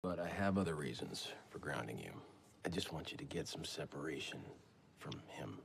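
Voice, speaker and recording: Gravelly, deep-voiced stern father. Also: animated, moderate pace, noisy background, heavily acted. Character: stern, protective small-town father. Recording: film audio with background ambience.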